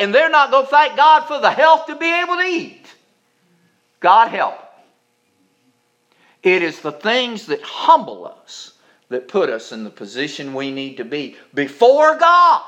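A male pastor preaching a sermon, leading the congregation in call-and-response and climbing higher on emphasis. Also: sharp tone, highs cut off.

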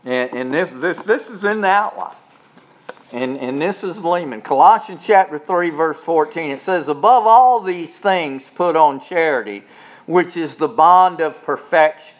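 A man with a fairly high voice preaches a sermon in a plain, folksy way. He often trips over and repeats his words. Then he rises into loud, stretched-out preaching. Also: expressive, measured pace, dull audio. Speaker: pastor.

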